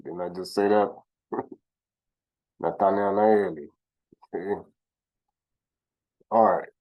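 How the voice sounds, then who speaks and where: A man giving informal religious teaching who sounds out names slowly, corrects himself, and asks rhetorical questions. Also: lowish voice, wildly swooping pitch, creaky, dull audio. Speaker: teacher of scripture.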